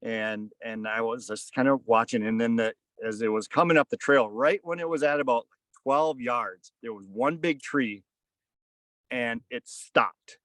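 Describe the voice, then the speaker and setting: A man guest on a podcast telling a story casually, rambling with many fillers and hushing his voice for quoted asides. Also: medium pitch, a little slow, no room sound, low-quality recording. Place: outdoors on a fishing boat.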